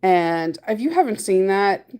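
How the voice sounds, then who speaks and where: A woman's voice: mid-range voice, sing-song, unhurried, darkish tone, clear, resonant tone. A woman vlogging in a chatty, rambling way, laughing often and acting out her stories, talking from her car. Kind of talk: casual chat.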